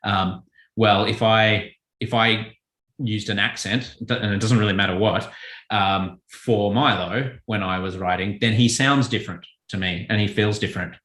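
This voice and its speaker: At a moderate pace, a man who writes and illustrates children's books talks through interview answers in a relaxed, thoughtful, self-correcting way, frequently rephrasing. His fairly low voice has a forceful, bright edge, and the room echoes heavily.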